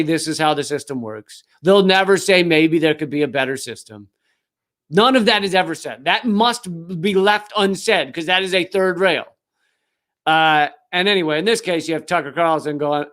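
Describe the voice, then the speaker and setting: A man's voice: fairly high pitch, a bit bright. A male comedian host delivering a heated, profane, sarcastic political rant.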